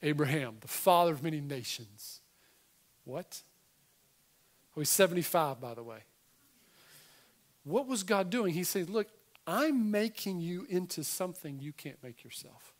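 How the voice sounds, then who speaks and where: A man in middle age delivering a sermon with animated emphasis, stopping for casual asides to the people in front of him. His voice sits high for a man. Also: a little slow, pauses often. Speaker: pastor.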